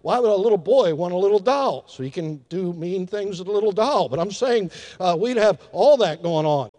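An older man preaching a sermon in a church, telling folksy stories with emphatic shifts in loudness. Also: high-pitched, lively intonation, moderate pace. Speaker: pastor. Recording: long hall reverb.

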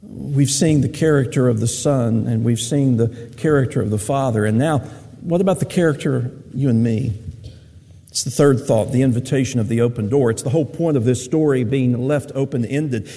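A man's voice: high voice, lively intonation, normal speed, warm tone, breathy edge, in a large hall. A man preaching a sermon, telling stories in a folksy way. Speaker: pastor.

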